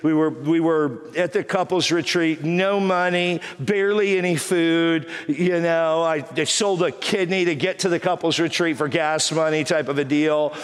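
Joking middle-aged pastor in a reverberant hall. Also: male voice, on the high side, fairly even intonation, smooth. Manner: joking, self-deprecating storyteller with quick asides. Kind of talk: sermon. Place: church auditorium.

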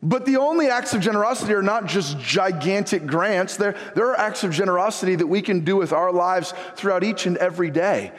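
A male pastor with a notably high voice delivers a sermon in a church sanctuary. His tone is conversational and folksy, and he leans on rhetorical questions. The sound rings with the long reverb of a large room. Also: brisk, hardly any pauses.

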